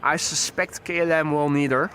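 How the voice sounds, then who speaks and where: A fairly high-pitched man calls out departing flights on a live plane-spotting stream. He mixes registration details with dry little jokes. He is outdoors by the runway, with a faint hum of outdoor ambience behind him. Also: steady tone, moderate pace, fairly bright tone. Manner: wry, joking asides between flight details. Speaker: plane-spotting livestream host. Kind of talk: live aviation commentary.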